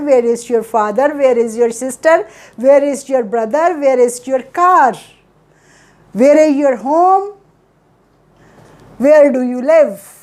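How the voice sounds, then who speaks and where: A woman gives a spoken lesson. Her voice sits high, and she talks at an unhurried, deliberate pace. She drills one simple question after another, repeating each pattern so learners can follow. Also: a little mellow. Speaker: English teacher.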